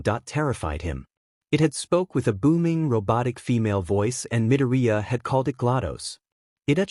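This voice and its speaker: A man reading a fanfiction story aloud as the narrator, in steady storytelling. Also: medium pitch, no echo, studio quality.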